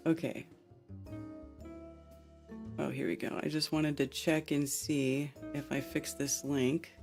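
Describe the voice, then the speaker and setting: A woman hosting a casual livestream chat, laughing easily with callers and talking quietly and offhandedly when alone. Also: deep voice, little pitch movement, slow pace, faint music behind. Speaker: host.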